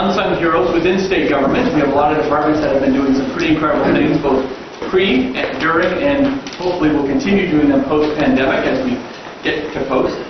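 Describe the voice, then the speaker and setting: A man chairing a council meeting as governor, giving relaxed, chatty opening remarks with many filler sounds. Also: a little high. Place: large council chamber. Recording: echoey chamber from far off, dull and noisy.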